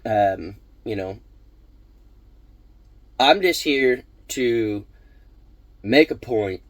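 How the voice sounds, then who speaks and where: A man's voice: on the low side, lively intonation, very slow, long pauses, no echo. A man casually telling a personal story on his vlog, rambling with many fillers and restarts. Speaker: vlog host.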